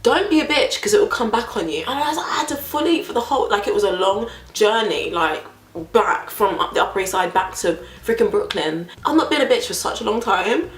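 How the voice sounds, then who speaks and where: A young British woman in her twenties telling a storytime vlog in a chatty, animated way, full of filler words. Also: mid-range voice, a little fast. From Britain. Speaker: vlogger. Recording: echoey room.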